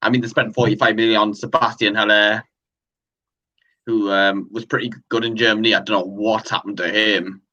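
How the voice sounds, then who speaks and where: A man's voice: lowish voice, flat delivery, fairly quick, bright, forceful tone, lo-fi sound. A man guesting on a live stream, talking casually and thinking aloud as he speaks. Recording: distant from the mic.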